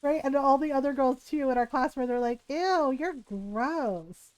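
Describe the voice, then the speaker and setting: Telling a story to her live chat, a woman streamer is animated, laughs often, and checks in with "right?" Her high voice moves quickly, and the low-quality recording has no echo.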